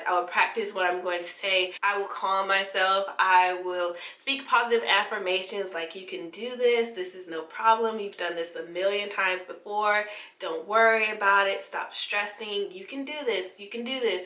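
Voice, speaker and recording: A woman's voice: fairly low pitch, bright, forceful tone. A young woman giving casual, encouraging advice straight to the camera, talking conversationally with fillers and restarts. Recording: echoey room.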